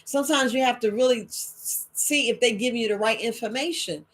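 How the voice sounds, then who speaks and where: Lively woman herbalist talking freely. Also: fairly high pitch, a little fast. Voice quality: animated, talks back and forth with imagined listeners. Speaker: herbalist host. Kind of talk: casual monologue.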